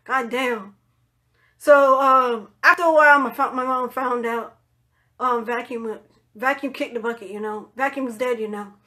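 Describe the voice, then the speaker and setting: High-voiced woman telling a story, animated. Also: moderate pace. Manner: animated, swearing, acts out quoted voices in higher pitch. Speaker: vlogger telling a personal story. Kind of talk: casual storytime monologue.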